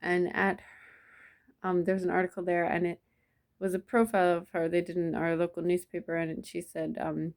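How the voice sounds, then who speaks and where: A woman telling a personal memory in a soft, reflective way, with many pauses and restarts. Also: lowish voice, completely flat delivery. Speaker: vlogger. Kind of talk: personal storytelling to camera.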